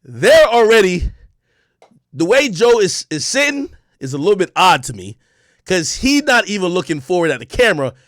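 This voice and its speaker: Excitable man telling a story on stream. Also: high voice, normal speed, no echo, clean studio sound. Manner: excitable, profane, shouts when reenacting moments.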